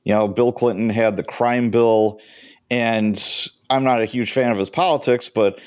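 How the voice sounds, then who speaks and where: A man in his fifties spins stories from his years on the job as an interview guest. His voice sits at an ordinary pitch and is recorded close and dry, with no room around it. He talks with lively, anecdotal energy and chuckles often. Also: moderate pace, clean tone, no echo. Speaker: guest, retired police sergeant. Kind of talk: casual interview storytelling.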